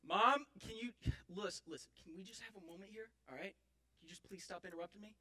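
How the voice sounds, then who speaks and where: A man's voice: sits high, quick pace, bright, forceful tone. A man playing a clumsy, boastful young man in a comic church skit, rambling and self-mocking with theatrical outbursts. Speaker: actor in a church Christmas skit. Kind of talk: comic stage monologue. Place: church stage. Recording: live church audience.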